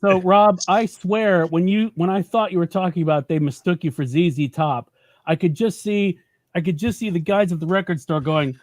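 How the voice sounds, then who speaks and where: Brief: man co-host, slightly high pitch, dry close sound, playful joking. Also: moderate pace, dry recording. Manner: joking, acts out imagined dialogue. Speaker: podcast co-host. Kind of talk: casual chat.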